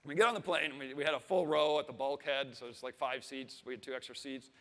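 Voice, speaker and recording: A man's voice: mid-range voice, steady tone, quick pace, fairly bright tone, big-room sound. A man in his thirties telling a comic story on stage, swearing and acting out the voices of the people in it. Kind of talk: comic personal anecdote to a live audience.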